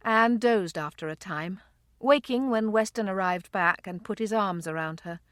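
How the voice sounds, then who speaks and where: A woman narrating a romance audiobook in a measured, unhurried way. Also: mid-range voice, fairly bright tone, no echo, studio quality. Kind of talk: scripted narration.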